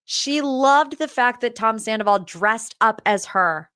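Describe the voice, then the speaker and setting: A young woman hosting a podcast, recapping a reality TV reunion in casual, opinionated chat with animated quotes. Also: fairly high pitch, measured pace, clear, resonant tone, no room sound, studio quality. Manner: chatty and opinionated, animated quoting. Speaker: podcast host.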